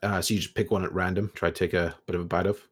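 A man narrating a tabletop game as game master, describing scenes in a relaxed way with many fillers. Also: sits low, racing.

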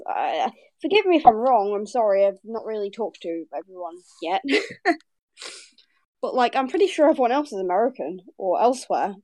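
A woman's voice: mid-range voice, normal speed, no room sound. A young woman with a Northern English accent, chatting as a podcast co-host, bubbly and laughing as she tells stories. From Northern England. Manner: bubbly, laughing, animated storyteller. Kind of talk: casual chat.

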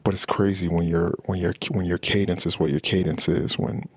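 Low gravelly man venting. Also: fairly even intonation, fairly quick, no room sound. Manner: rambling, frustrated venting. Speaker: podcast host. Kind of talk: personal monologue about marriage.

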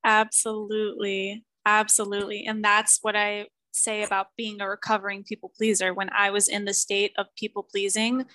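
A woman's voice: mid-range voice, monotone, moderate pace, few pauses, bright, forceful tone, no echo, low-quality recording. A woman in her thirties, a relationship coach speaking as a podcast guest, talking earnestly and with emphasis, and acting out the voices she quotes. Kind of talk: podcast interview conversation.

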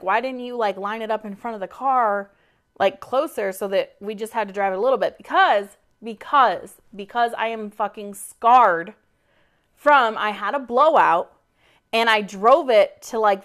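A woman co-hosting a podcast, telling a story in casual chat, exasperated, swearing freely and acting out quoted lines. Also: medium pitch. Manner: animated, acts out quoted dialogue, swears freely; exasperated venting. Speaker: podcast co-host.

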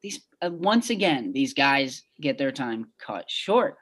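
Low-voiced young woman recapping. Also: very animated, slow, husky. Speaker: podcast co-host. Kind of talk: casual chat.

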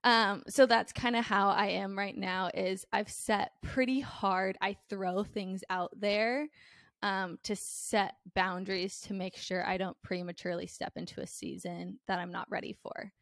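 A woman's voice: mid-range voice, fairly even intonation, a little slow, fairly bright tone, no echo, studio quality. A young woman hosting a podcast, talking in a candid, blunt way with lots of fillers. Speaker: podcast host. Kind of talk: casual chat.

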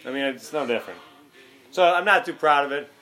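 A man's voice: fairly high pitch, a little fast, a little hiss or hum. A man co-hosting a podcast, chatting casually in a joking, rambling way. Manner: joking, rambling, bright delivery. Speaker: podcast co-host. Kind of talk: casual chat.

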